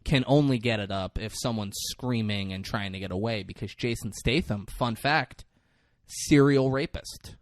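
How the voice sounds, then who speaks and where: A man's voice: on the low side, normal speed, no echo, studio quality. Casual swearing man recapping a movie. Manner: animated, swearing, acts out characters' lines. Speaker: podcast co-host.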